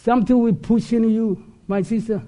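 A man preaching a sermon, asking rhetorical questions and answering them, sometimes shouting. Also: extremely high pitch, fairly even intonation, normal speed.

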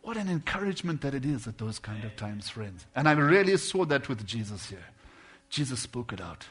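Husky-voiced man preaching earnestly. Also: medium pitch, big pitch swings, a little fast. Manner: earnest, swings from quiet intimate lines to loud emphatic bursts. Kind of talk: sermon.

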